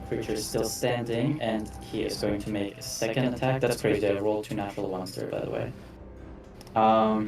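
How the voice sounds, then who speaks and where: A man running a tabletop game as game master, casual and self-correcting, with quick apologetic asides. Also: fairly low pitch, darkish tone. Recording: echoey room with faint background music, mic at a distance.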